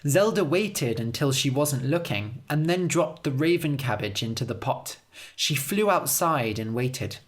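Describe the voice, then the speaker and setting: Woman reading a story for english learners, super lively up-and-down voice, expressive. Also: very deep voice, unhurried.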